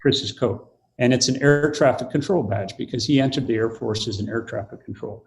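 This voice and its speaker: A man's voice: medium pitch, a little fast, vocal fry, darkish tone. An older man, a podcast guest, telling a story in conversation and acting out the quoted voices.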